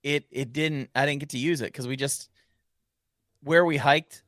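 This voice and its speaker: A man co-hosting a casual podcast, easygoing and teasing, quick to agree with his friend. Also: medium pitch, steady tone, a bit bright, dry recording, studio quality. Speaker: podcast co-host. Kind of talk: casual chat.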